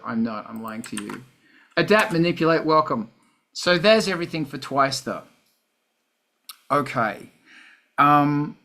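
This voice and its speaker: A man's voice: on the high side, pushed and bright. A man, a musician hosting a casual chat, self-deprecating and swearing often as he talks through and reads his song lyrics. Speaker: podcast host and musician. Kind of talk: casual chat about songwriting.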